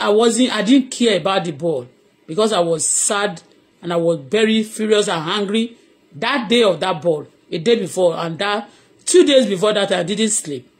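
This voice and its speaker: A middle-aged Nigerian woman, Yoruba her first language, hosting a live audio blog in a heated, rambling rant that switches between Yoruba and English. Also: medium pitch. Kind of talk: impassioned live audio commentary.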